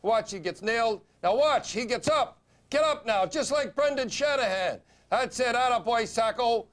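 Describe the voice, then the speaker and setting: A man with a notably high voice delivers hockey commentary on a TV segment. He is blunt and opinionated and rattles his points off quickly, scolding and cheering by turns. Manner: blunt, opinionated, fast-talking.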